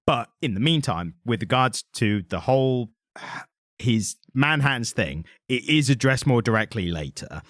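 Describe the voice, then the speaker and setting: A man's voice: medium pitch, lively intonation, measured pace, fairly bright tone, no echo, studio quality. A man co-hosting a comics podcast, talking in a casual, musing and self-deprecating way. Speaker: podcast co-host. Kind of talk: casual chat.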